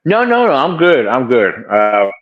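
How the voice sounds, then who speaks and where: A man's voice: medium pitch, very animated, unhurried. Older male guest, rambling, filler-heavy, muffled home call audio. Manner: rambling, many fillers and restarts, chuckles. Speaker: wildlife and bigfoot researcher guest. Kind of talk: casual interview answers. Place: home room by the garage.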